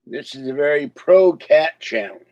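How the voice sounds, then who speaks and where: A slightly high male voice with lively intonation and a darkish tone moves at a moderate pace over dull audio. He hosts a laid-back livestream, wandering off on tangents and chuckling to chat, his words a little slurred because of missing teeth.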